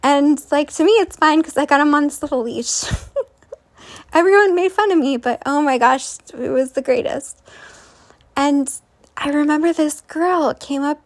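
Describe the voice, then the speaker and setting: Woman, casual storyteller, high voice, rambling, full of fillers. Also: a little slow. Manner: rambling, many fillers and restarts. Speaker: vlogger.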